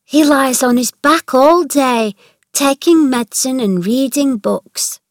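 A woman's voice: high voice, slow, voice pushed up. A woman reading aloud, voicing a chatty, kindly young housemaid passing on household gossip. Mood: confiding. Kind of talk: read-aloud storybook dialogue.

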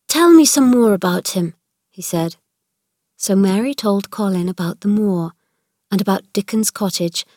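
A woman narrating a children's story in a measured, clear reading voice. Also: medium pitch, dry recording, clean studio sound.

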